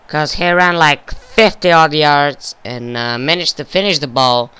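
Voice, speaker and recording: A young man giving casual, profane commentary over a football video game he is playing, flaring up in frustration and excitement. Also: on the high side, measured pace, clear, resonant tone. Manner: swears often, flares up with frustration and excitement. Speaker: gaming video creator.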